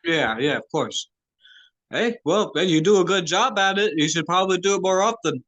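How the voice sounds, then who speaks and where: A man's voice: high voice, animated, moderate pace, fairly bright tone. A man from Canada chatting casually as a rapper, swearing freely and laughing easily. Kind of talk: casual chat.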